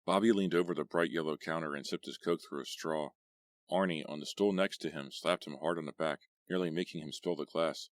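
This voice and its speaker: A man reading a horror audiobook in a measured, steady way. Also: rumbling low, no room sound, studio quality. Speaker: audiobook narrator. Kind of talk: scripted horror audiobook narration.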